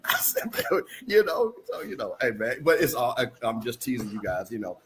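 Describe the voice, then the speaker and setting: A man hosting a casual sports talk show, teasing his co-hosts with laughter and lively storytelling. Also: mid-range voice, brisk, background noise. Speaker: show host. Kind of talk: casual chat.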